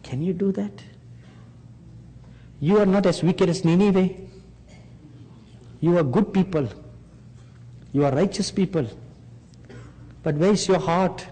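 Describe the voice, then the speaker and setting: A man preaching a sermon, speaking slowly and emphatically and rising on rhetorical questions to his listeners. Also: high voice, warm tone, breathy edge. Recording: long hall reverb.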